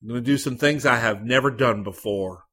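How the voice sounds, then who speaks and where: A sullen young Tennessee man, put on by a male narrator talks in a high, nasal, pushy voice with a husky edge. He is sour and brooding, pressing his point in a storybook reading. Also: fairly quick, pushed and bright. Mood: sullen, insistent.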